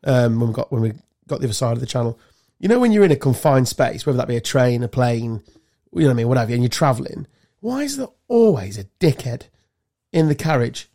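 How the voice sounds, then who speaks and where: English bloke on a podcast, chatty, swears a lot, tells stories with loads of energy. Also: male voice, mid-range voice, quick pace. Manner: swearing storyteller, animated anecdotes. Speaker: podcast co-host. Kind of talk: casual chat.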